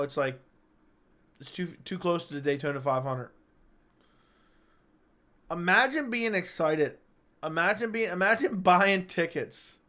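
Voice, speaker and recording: A man's voice: a little high, bright, forceful tone. A young man hosting a live-stream chat, rambling and joking as he reads viewer comments aloud.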